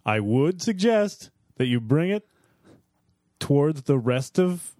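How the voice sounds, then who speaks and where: Pompous lively man, dry room. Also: fairly high pitch, takes it slowly, dry recording. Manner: pompous mock-business speaker. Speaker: podcast co-host. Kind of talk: comedic podcast banter.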